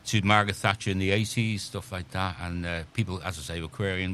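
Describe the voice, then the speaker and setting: A man joining a community radio chat, recounting a discussion in a measured way with hesitant fillers. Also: deep voice, steady tone, sharp tone. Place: radio studio.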